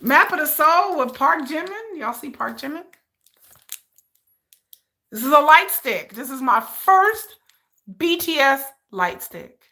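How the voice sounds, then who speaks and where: Excitable woman with a bright, lively voice. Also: high-pitched, takes it slowly, long pauses. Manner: excitable, talks to viewers as y'all, repeats herself. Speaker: livestream reaction host. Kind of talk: casual unboxing livestream.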